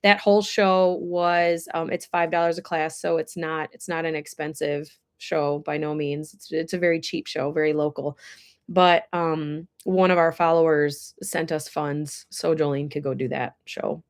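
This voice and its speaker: A woman's voice: low voice, fairly even intonation, measured pace. Woman host, casual livestream chat, emotional and teary, talks to viewers by name. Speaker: horse ranch livestreamer. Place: indoors with air blowing.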